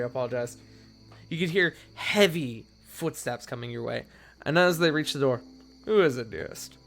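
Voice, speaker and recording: A man's voice: mid-range voice, a bit bright. A man narrating a tabletop game as game master, in loose, rambling narration with frequent restarts.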